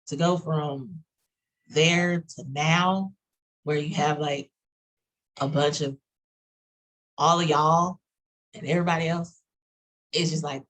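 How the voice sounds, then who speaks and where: A woman with a Texas accent chatting on a roundtable video call, talking fast and rambling with many fillers. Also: low voice, fairly bright tone, rough recording. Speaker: roundtable panelist. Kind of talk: casual chat.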